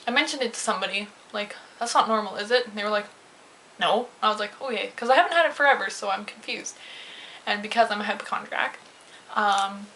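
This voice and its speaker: A young woman vlogger telling a story from her day in a chatty, animated way, acting out what people said. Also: on the high side, slight background noise, rough recording. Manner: chatty, animated retelling with swearing and quoted voices. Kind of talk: casual storytelling vlog.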